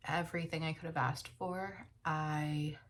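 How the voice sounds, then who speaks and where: Slow, low-pitched, teary woman vlogger. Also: steady tone. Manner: emotional, teary, rambling with many fillers. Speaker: book vlogger. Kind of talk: casual personal reflection. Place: at home.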